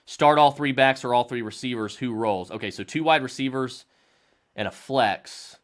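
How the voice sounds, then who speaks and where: A man's voice: mid-range voice, moderate pace. A young man hosting a live fantasy football stream, rambling through start-or-sit picks for viewers and often repeating himself.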